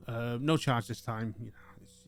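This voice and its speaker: A man's voice: mid-range voice, fairly even intonation, normal speed, faint music behind, natural voice. A man voicing a small, frail old male librarian in his seventies who stammers and fusses. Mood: chatty. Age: 70s. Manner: flustered, stammering, doddering.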